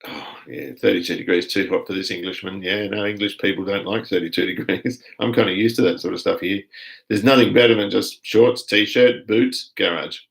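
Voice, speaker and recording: Australian male streamer, low gravelly voice, relaxed rambling chat with viewers. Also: normal speed, rough recording. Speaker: live stream host reading viewer comments. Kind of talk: casual live chat.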